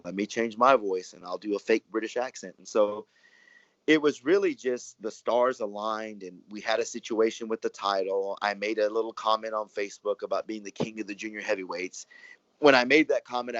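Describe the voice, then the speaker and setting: Man, low voice, rambling storyteller, dry muffled audio. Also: dry recording. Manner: rambling, animated, acts out quoted dialogue. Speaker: professional wrestler and guest. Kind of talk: casual storytelling interview.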